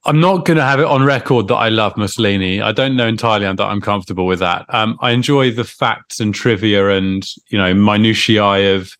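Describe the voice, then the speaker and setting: A man's voice: fairly low pitch, brisk, hardly any pauses, fairly bright tone, dry recording. A man co-hosting a casual football podcast, chatty and joking, with trivia asides. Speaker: podcast co-host. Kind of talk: casual chat.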